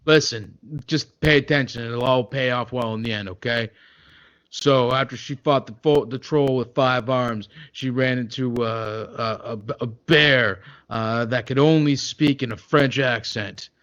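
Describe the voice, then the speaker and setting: A man's voice: medium pitch, measured pace, fairly bright tone, lo-fi sound, natural voice. A man doing a touchy metal-singer storyteller. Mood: grumbling. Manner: dismissive, hesitant, full of "uh" and "okay?". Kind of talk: comedy sketch impression.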